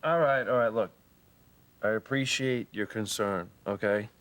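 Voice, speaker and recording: A man's voice: on the low side, unhurried. Stubborn young guy waving off worries. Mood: dismissive. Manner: dismissive, calming. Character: defiant young man.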